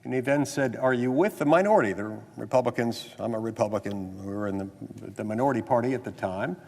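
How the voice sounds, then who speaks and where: A fast-talking American senator with a medium-pitched, slightly mellow male voice addresses an echoing legislative chamber. His floor speech blends anecdote and argument: he mimics people in quotes, then becomes earnest and insistent.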